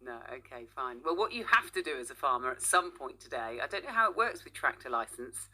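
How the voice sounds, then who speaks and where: A woman's voice: extremely low pitch, very animated, fairly quick, pushed and bright. A woman presenting a casual morning radio show, chatty and teasing, laughing often.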